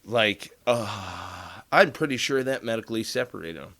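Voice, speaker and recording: Profane, animated man. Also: fairly low pitch, normal speed. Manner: profane, animated, acts out dialogue. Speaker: podcast guest telling military stories. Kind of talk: casual storytelling.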